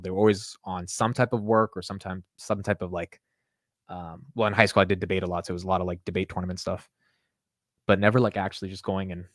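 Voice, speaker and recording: A man's voice: low-pitched, fairly bright tone, no room sound, clean studio sound. A young man hosting a livestream, chatting casually in a loose, rambling way and saying "dude" a lot. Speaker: livestream host. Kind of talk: casual stream chat.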